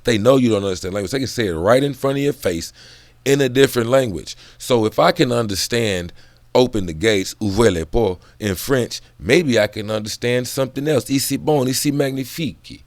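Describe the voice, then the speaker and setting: A man's voice: mid-range voice, animated, brisk, no room sound. A man in casual, profane book commentary, drifting off on tangents and laughing between thoughts. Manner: loose, profane, digressive talk.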